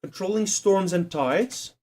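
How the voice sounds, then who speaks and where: A man's voice: high voice, slow pace, a little mellow. A young man chatting casually on a livestream, swearing and joking as he reads out quiz options. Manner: profane, jokey, reads quiz options aloud.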